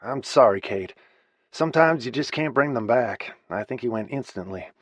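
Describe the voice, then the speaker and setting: A male audiobook reader voicing a steady male paramedic who speaks gently and consolingly. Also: medium pitch, moderate pace, dry recording, pitched above the performer's own voice, natural voice. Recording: slightly muffled dry recording.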